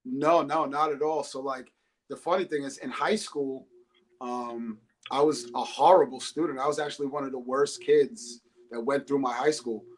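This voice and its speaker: A man's voice: mid-range voice, fairly even intonation, moderate pace. A man chatting loosely as a podcast guest, telling stories with lots of swearing, talking into a phone. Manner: loose, profane storytelling. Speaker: podcast guest, rapper and English teacher. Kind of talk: casual podcast chat.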